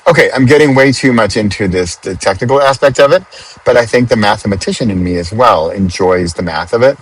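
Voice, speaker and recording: A man hosting a podcast, talking casually from a car on a highway and thinking aloud with frequent restarts. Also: brisk, slightly rough, poor audio. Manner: chatty, thinks aloud with restarts and self-corrections. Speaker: podcast host. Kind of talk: casual spoken reflection.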